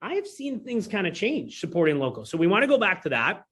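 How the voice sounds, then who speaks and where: Uomo agente immobiliare chiacchierone. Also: male voice, high-pitched, huge pitch swings, quick pace, fairly bright tone, husky. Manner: chatty, upbeat, hosts the guest. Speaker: realtor co-host. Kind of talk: casual podcast chat.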